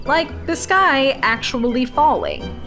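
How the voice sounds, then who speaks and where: A woman's voice: high-pitched, sing-song, takes it slowly, soft background music. Lilting woman reading a children's story. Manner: gentle, clear and lilting. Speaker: storyteller and podcast host.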